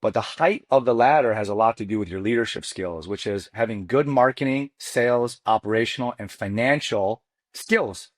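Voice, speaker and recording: A man in his forties, a mortgage coach, tells his rise as a podcast guest. His talk is animated and slangy, full of "dude" and "man." His mid-pitched voice sounds close and dry. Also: normal speed, hardly any pauses, no room sound. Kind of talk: casual storytelling interview.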